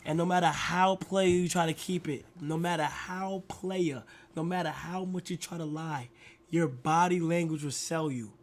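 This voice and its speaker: A young man streaming a reaction, talking to his chat in slangy, animated casual commentary. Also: fairly high pitch, normal speed.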